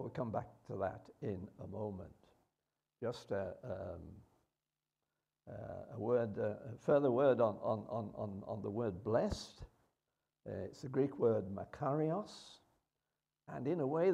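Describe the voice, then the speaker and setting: Gravelly-voiced male preacher. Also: mid-range voice, a little slow, warm tone, dull audio. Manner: conversational, with rhetorical questions and fillers. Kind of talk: sermon.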